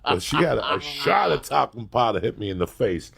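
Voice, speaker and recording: A man's voice: medium pitch, very animated, fairly quick, vocal fry, a bit bright. A middle-aged man hosting a podcast, telling rambling, profane stories and laughing often as he goes. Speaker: podcast host. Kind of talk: casual podcast storytelling.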